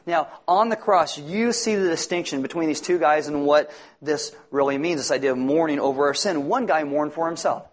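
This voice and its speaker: A man's voice: on the high side, fairly quick. A man preaching a sermon, earnest and emphatic, quoting scripture as a pastor.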